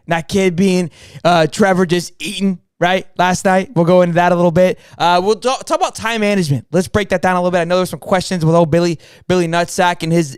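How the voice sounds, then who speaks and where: A hoarse man hosts a sports live stream, his voice pitched high yet still clear despite being worn out. He rambles with hyped energy and keeps calling out to his audience. The sound is dry and close, with no room around it. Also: no room sound. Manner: hyped, rambling, calls listeners boys and girls. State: hoarse, voice partly gone. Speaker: sports show host. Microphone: studio mic on a stream.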